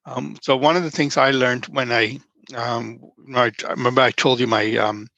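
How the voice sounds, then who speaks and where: A man's voice: medium pitch, steady tone, moderate pace, creaky, bright, forceful tone, no echo, highs cut off. A man in his fifties from Nigeria, a podcast guest telling rambling stories in casual conversation. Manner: rambling storyteller, frequent restarts.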